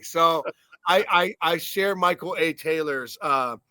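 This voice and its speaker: Male co-host, ex-player, bright forceful tone, dry sound, casual swearing storyteller. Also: on the high side, unhurried, no room sound. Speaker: podcast co-host, former player. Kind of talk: casual sports chat.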